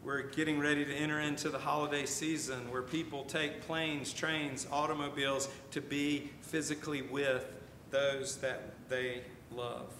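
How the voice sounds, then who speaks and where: Older guy pastor giving a sermon, bright ringing voice, echoey church, faint rumble. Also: little pitch movement, a little slow. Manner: conversational preaching with asides and emphatic repetition. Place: church sanctuary.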